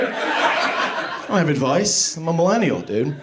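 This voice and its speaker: An animated man in his thirties works a comedy club stage, his pitch swinging widely as he acts out scenes. The live recording carries a clear bed of noise. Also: moderate pace, pauses often. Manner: animated, swearing, acted-out voices in high pitch. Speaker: stand-up comedian. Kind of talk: stand-up set. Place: comedy club stage before a laughing audience.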